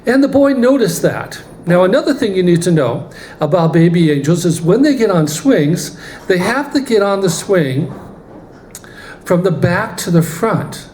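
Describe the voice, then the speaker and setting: A man telling a story from the pulpit in an animated way in a church. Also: high voice, moderate pace, slight background noise. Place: church sanctuary. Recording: roomy church hall, faint ambience.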